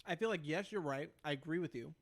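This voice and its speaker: A man co-hosting a casual podcast, telling stories in an animated, profane way. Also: fairly high pitch, fast, dry recording. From United States. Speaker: podcast co-host. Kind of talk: casual chat.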